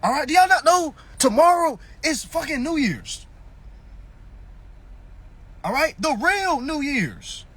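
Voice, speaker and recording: A man's voice: extremely high pitch, sing-song, takes it slowly, pauses often, a bit bright. A man in a casual ranting monologue on a phone live stream, mocking and profane, firing off rhetorical questions.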